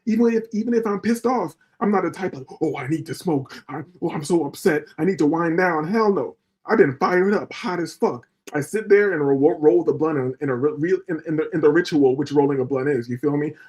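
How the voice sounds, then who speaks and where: A man's voice: a little high, a little mellow. A man hosting a livestream, ranting in a profane, fired-up way and repeatedly asking rhetorical questions. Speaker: livestream host. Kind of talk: heated livestream rant.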